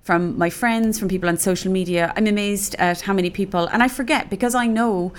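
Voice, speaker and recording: A woman's voice: mid-range voice, fairly quick. A woman hosting a podcast from a studio, chatting casually and rambling with plenty of fillers. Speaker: podcast host. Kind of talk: casual chat.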